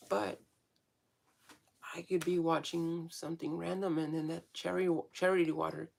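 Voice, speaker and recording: A woman's voice: sits low, flat delivery, moderate pace, vocal fry, a little hiss or hum. A woman vlogger talking frankly in a casual, rambling monologue, swearing freely and restarting often.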